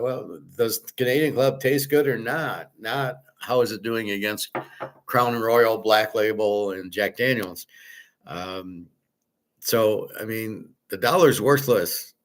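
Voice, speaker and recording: A man's voice: fairly low pitch, slow pace. Profane, combative male commentator. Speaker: show host. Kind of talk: ranting commentary.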